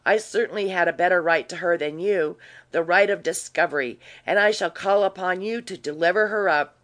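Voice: medium pitch, fairly quick, fairly bright tone, lightly acted. Reader voicing an old-time earl, nosy and teasing, chatty and familiar, audiobook. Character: worldly curious aristocratic earl, man. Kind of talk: audiobook reading.

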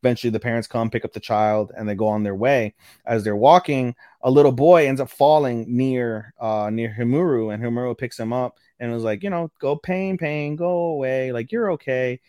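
A man's voice: medium pitch, a little fast, a little mellow, no echo, clean studio sound. A man casually recapping an anime episode on a podcast, rambling, stumbling over names and swearing now and then. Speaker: podcast co-host.

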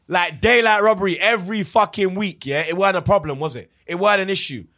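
A young man argues football on a podcast, boisterous and slangy. His voice sits high and sounds bright and forceful. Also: quick pace. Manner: boisterous, slangy, chanting and shouting. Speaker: podcast co-host. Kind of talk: heated football banter.

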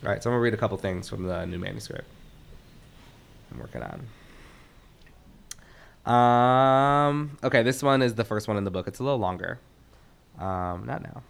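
Poet, male, lowish voice; expressive, rhythmic reading with swells in volume. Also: normal speed, creaky, long pauses. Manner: expressive, rhythmic delivery with swings in loudness. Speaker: poet reading from his own manuscript. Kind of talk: poetry reading.

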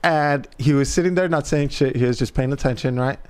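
A man in his thirties, co-hosting a podcast, telling a family story in casual, profane, animated chat. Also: medium pitch, brisk, clean tone. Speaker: podcast co-host.

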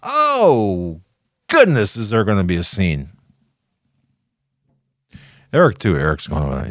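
An older male host delivering heated commentary in a very deep voice. His pitch leaps wildly, from low mutters to high shouts. The sound is dry and close, with no room echo. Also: big pitch swings, takes it slowly, long pauses. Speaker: talk show host. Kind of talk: opinionated commentary.

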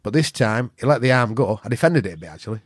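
A man's voice: mid-range voice, animated, fast talker, dry recording. Blunt Yorkshire man, dry sound. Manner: blunt, sweary, northern dialect grammar. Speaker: podcast guest. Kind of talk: casual storytelling.

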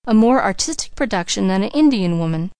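A woman's voice: medium pitch, lively intonation, a little fast, a little mellow, clean tone, no room sound, lightly acted. A woman reading the lines of an eager young woman in an audiobook, in an earnest voice. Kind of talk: audiobook character voice.

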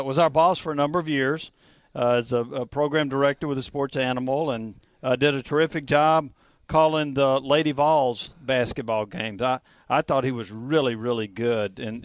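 A man's voice: mid-range voice, dry recording. A man co-hosting a sports radio show, telling stories in a rambling way full of fillers. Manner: rambling, storytelling, halting fillers. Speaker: co-host. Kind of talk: casual sports radio chat.

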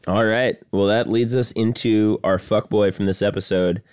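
A man with a very deep voice hosts a podcast in loose, crude banter. He jokes and acts out other people's lines to mock them, and the sound is dry and close, with no room echo. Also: moderate pace, smooth. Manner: crude, joking, animated retelling with mocking impressions. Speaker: podcast host. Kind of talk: casual chat.

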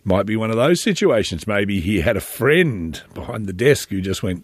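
A man's voice: fairly low pitch, big pitch swings, fairly quick, few pauses, breathy edge, no echo. A middle-aged man, hosting a podcast and rambling through a sardonic solo commentary full of joking asides. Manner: sardonic, meandering, jokey asides. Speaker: podcast host.

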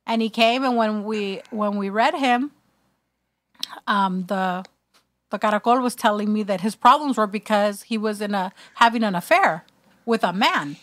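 A woman's voice: medium pitch, moderate pace, fairly bright tone. A woman who does spiritual readings, talking candidly and profanely in casual chat and laughing through her stories. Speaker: spiritual reader.

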